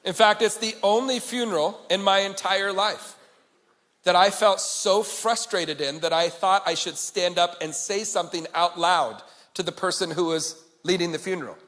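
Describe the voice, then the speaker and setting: Man, conference keynote speaker, high-pitched voice, earnest storytelling, long hall reverb. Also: normal speed. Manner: earnest, swings from quiet to emphatic.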